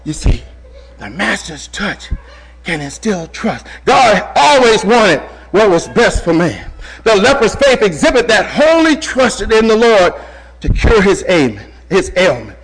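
A man preaching with a high, gravelly voice that swoops up into shouts and drops down to near whispers. He speaks with a husky rasp and calls his listeners brother. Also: sing-song, a little slow. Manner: impassioned preaching, swinging from shouts to hushed tones; addresses the congregation as brother. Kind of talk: sermon.

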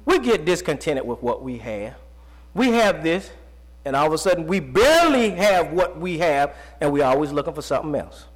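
A man preaching a sermon who reads scripture slowly, then talks to the congregation in plain, folksy speech, his voice jumping up and dropping low. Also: big pitch swings. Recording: long reverb of a large hall.

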